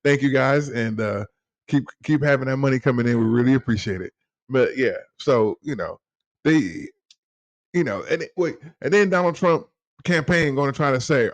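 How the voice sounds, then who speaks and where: A man hosting a casual political chat with his father, talking in an animated, rambling and profane way. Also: mid-range voice, moderate pace. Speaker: host, son.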